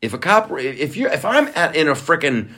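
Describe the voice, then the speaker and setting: A man's voice: on the high side, very animated, normal speed, sharp tone. A man hosting a podcast, ranting in a mocking, profane comedic commentary. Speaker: podcast host.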